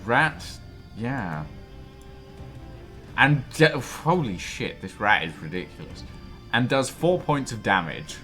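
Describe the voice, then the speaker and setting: A man's voice: medium pitch, very animated, slow, pauses often, fairly bright tone, faint music behind. A man running a tabletop game as game master, narrating with many fillers and laughing asides.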